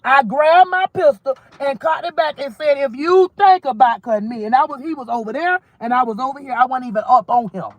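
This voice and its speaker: Behind the wheel, a Georgia mom vlogger launches into a furious, swear-filled vent for her audience, speaking bluntly and breaking in with side remarks. She talks in a high-pitched voice, a little fast with few pauses. The in-car audio is close and dry, lo-fi, with no room sound.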